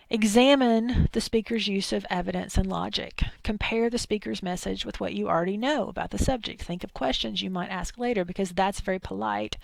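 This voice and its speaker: A woman's voice: medium pitch, creaky, no room sound. Chatty Southern woman lecturing. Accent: thick Southern US. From Arkansas, US South. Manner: chatty, digressive, with asides and acted-out quotes. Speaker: instructor. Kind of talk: recorded lecture.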